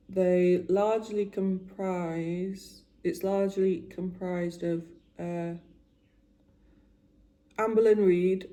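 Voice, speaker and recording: Chatty woman with a mellow voice. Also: fairly low pitch. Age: 40s. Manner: chatty, emotional, trails off and restarts. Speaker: vlogger. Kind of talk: casual chat while doing make-up.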